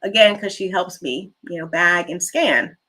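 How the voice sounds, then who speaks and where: Bright-voiced woman hosting a casual live chat. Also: on the low side, normal speed. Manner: chatty, rambling storyteller who reads out viewer comments. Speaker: livestream host.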